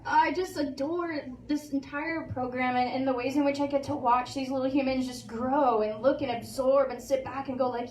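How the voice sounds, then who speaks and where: A woman's voice: high voice, fairly even intonation, moderate pace, darkish tone, a little hiss or hum. A woman hosting a course graduation, who talks in a gushing, tearful way with many fillers like "like" and "you know". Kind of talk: emotional speech. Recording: echoey room, voice from a distance.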